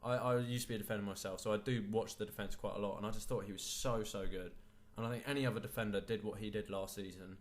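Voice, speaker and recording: A man's voice: lowish voice, steady tone, quick pace, hardly any pauses. A man co-hosting a casual football podcast, opinionated and enthusiastic about players. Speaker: podcast co-host.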